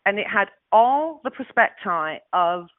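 A woman in her sixties with a London Cockney accent, telling animated stories with laughs as a guest actress. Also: medium pitch, measured pace, dry recording. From London, England. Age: 60s. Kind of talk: casual anecdote. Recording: tinny phone-like audio.

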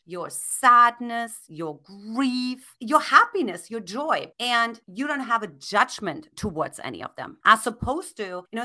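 Earnest woman coach, bright voice. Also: medium pitch. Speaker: relationship coach guest. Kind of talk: casual podcast conversation.

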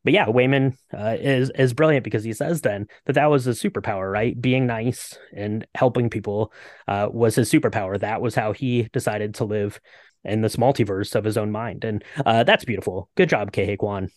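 A man's voice: lowish voice, normal speed, dry recording, clean studio sound. A man co-hosting a podcast, talking casually about a movie with a lot of hesitant fillers. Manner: rambling, lots of hesitant fillers. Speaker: podcast co-host.

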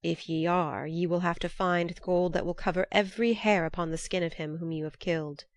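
A woman's voice: lowish voice, fairly even intonation, brisk, no room sound, lightly acted. A woman voicing a grasping, cunning old man in a storybook reading, given to shrieking demands.

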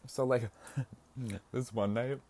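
Eating while he records indoors, a young podcast host tells personal stories in a casual monologue. His medium-pitched voice is a little mellow with fairly even intonation, and he takes it slowly. He's chatty, laughs often, and says "like" constantly.

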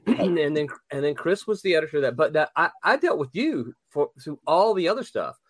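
Male host, high bright voice, very animated, laughs through his stories, dry sound. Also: fairly quick, dry recording. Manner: animated storyteller, laughs often. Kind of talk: casual chat.

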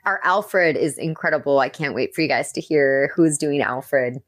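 A woman with a low voice chats on a podcast as a guest voice actress, talking eagerly and rambling a little, with many fillers. The sound is dry and close, with no room echo around it. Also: moderate pace. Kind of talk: casual podcast chat.

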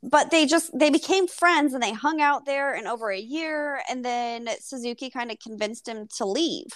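A woman co-hosting a podcast in a casual book chat, animated, laughing often and swearing casually. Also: sits high, normal speed, no echo. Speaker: podcast co-host.

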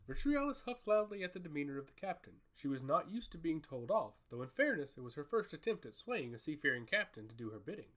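A man narrating a fantasy story in a storybook style, with an expressive, rising and falling delivery. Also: a little high, quick pace, few pauses.

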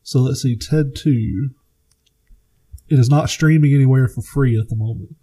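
Animated man telling stories on a podcast. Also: medium pitch, moderate pace, slightly rough. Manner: animated storyteller, swears freely, acts out movie quotes. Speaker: podcast co-host. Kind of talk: casual chat.

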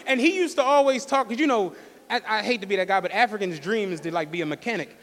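A man co-hosting a live podcast, telling a profane, animated story and acting out the quotes. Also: high voice, fast. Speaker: podcast co-host. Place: live stage show in a studio venue. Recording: long hall reverb from a live venue.

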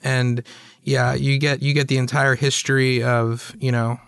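Smooth-voiced man chatting loosely. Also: medium pitch, little pitch movement, a little slow, a bit bright, no echo, clean studio sound. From Atlanta, US South. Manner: rambling, many restarts, laughs easily. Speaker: podcast host. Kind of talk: casual interview chat.

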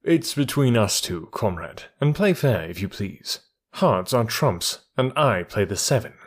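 A man voicing a cool, commanding gentleman burglar in an audiobook, with a measured, sneering manner. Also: fairly low pitch, very animated, slightly rough, heavily acted. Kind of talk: audiobook character reading.

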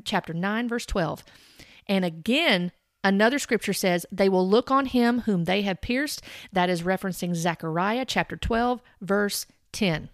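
A woman's voice: mid-range voice, no echo, clean studio sound. A woman giving an earnest, corrective Bible commentary, citing chapter and verse and speaking straight to her viewers. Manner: addresses viewers directly. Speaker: Christian commentator.

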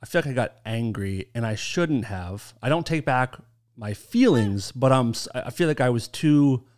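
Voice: mid-range voice, expressive, moderate pace, a little mellow. A podcast co-host chatting playfully and casually, with casual swearing. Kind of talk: casual chat.

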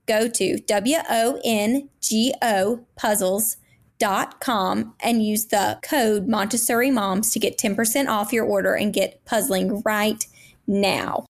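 A woman's voice: medium pitch, steady tone, takes it slowly. A woman reading a podcast sponsor advertisement in an enthusiastic, selling manner. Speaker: ad reader. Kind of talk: upbeat sponsor read.

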